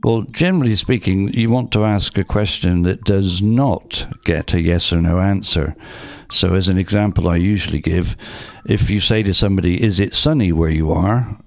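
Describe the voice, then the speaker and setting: A man's voice: sits low, normal speed, creaky, hardly any pauses. A man co-hosting a casual podcast over online voice chat, joking playfully and explaining conversation tips.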